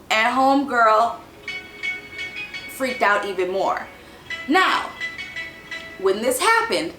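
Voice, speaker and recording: A woman hosting a casual spiritual reading, talking in an animated, slangy way and laughing often. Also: fairly high pitch, roomy sound, rough recording.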